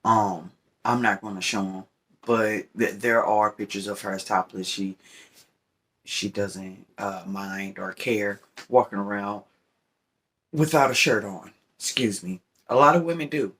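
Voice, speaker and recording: There's a steady, fairly bright tone to this man's deep voice as he smokes and shares casual opinions on a vlog at a measured pace. He rambles, regularly checking in with "you know what I'm saying."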